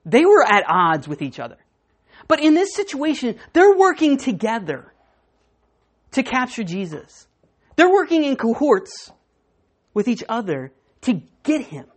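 A woman pastor preaching a sermon, emphatic, often repeating words and swinging between loud and hushed. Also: on the high side, big pitch swings, measured pace.

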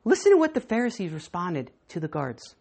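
A woman pastor preaching a sermon, emphatic, often repeating words and swinging between loud and hushed. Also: lowish voice, wildly swooping pitch, brisk.

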